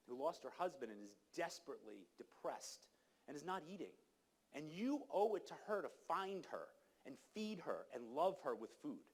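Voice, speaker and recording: Impassioned man with a lively, high-leaning voice. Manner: urgent, exhorting, storytelling with direct questions to the audience. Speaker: conference speaker. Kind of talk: impassioned conference talk. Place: conference hall.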